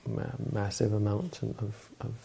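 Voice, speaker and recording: Man, dharma talk storytelling, halting, self-correcting, low, gravelly, flat.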